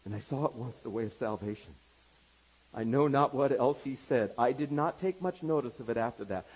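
A man's voice: medium pitch, brisk, darkish tone, husky, poor audio. A pastor preaching a sermon, retelling a story to his congregation with wry asides.

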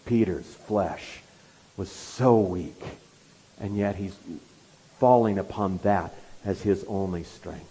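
A man's voice: low voice, takes it slowly, mellow, slight background noise, rough recording. A man preaching an expository sermon, telling the story with animation and acting out the quoted lines.

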